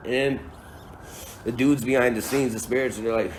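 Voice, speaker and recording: Man telling a spiritual story, slangy, swears, chuckles, middle pitch, faint hiss. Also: steady tone, moderate pace. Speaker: spiritual speaker. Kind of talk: casual storytelling lecture.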